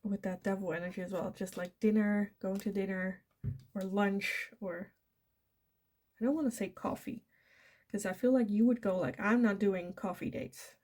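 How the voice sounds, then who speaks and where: A woman's voice: mid-range voice, fairly even intonation, normal speed, warm tone. A woman from the Netherlands, giving a chatty pick-a-card tarot reading. She laughs often and acts out the lines she imagines people saying. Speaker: tarot reader.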